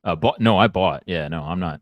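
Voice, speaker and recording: A man's voice: low-pitched, a little fast, dry recording, lo-fi sound. A man chatting casually in a live voice chat, rambling and joking with many fillers.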